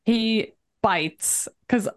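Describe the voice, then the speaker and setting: A woman's voice: on the high side, extremely slow. A woman co-hosting a podcast, chatting casually about a movie and laughing along. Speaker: podcast co-host.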